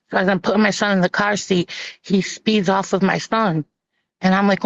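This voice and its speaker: A woman telling her own hard story on a live stream, halting with many pauses and restarts and acting out what others said. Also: mid-range voice, fairly even intonation, no echo. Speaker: guest sharing her personal story. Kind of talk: emotional personal testimony on a live stream. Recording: dull lo-fi stream audio.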